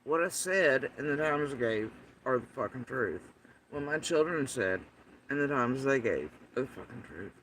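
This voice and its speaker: A man's voice: medium pitch, expressive, moderate pace, a bit bright, a little hiss or hum. A man hosting a livestream, ranting angrily and profanely, mocking his critics in sarcastic quoted voices. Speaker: livestream host. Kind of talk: angry livestream rant. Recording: voice somewhat far from the mic.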